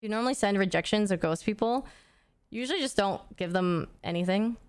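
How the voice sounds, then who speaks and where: A woman's voice: medium pitch, brisk, clean tone. A young woman streamer in casual chat, rambling and thinking aloud as she answers questions.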